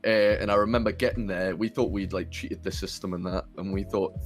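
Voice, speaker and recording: A young man from northern England hosts a podcast, chatting casually, swearing and laughing his way through his stories. His voice is low and steady, his pace brisk, with faint music playing in the background.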